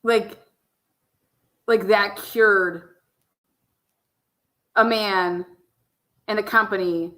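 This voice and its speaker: A woman's voice: medium pitch, steady tone, extremely slow, pauses often, a bit bright, roomy sound, low-quality recording. A woman giving blunt, angry, profanity-heavy commentary on a livestream, swearing constantly as she rants.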